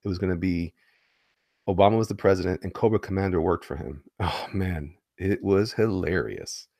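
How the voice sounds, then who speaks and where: A man talks loosely to his stream chat in a fairly low voice. His sentences restart and wander as he answers viewers' comments. The recording is dry and close to the mic. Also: moderate pace, creaky, dark tone, no room sound. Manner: rambling, with frequent restarts. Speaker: comic artist streaming and reading chat. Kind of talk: casual live-stream chat.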